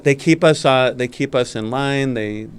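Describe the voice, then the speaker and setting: A man's voice: medium pitch, moderate pace, a little hiss or hum. A man co-hosting a podcast in casual chat, easygoing as he sets up topics and questions his partner. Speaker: podcast co-host. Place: studio, on camera.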